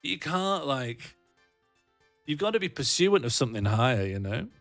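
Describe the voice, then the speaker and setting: A man's voice: medium pitch, big pitch swings, moderate pace, gravelly, a bit bright, no echo, faint music behind. Joking man rambling on livestream. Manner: rambling, joking, laughs often, answers chat. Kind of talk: casual livestream chat with viewers.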